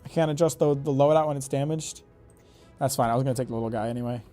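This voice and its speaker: A man's voice: medium pitch, quick pace, mellow, faint music behind. A man giving casual gameplay commentary, rambling and joking, often correcting himself mid-sentence. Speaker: gaming YouTuber.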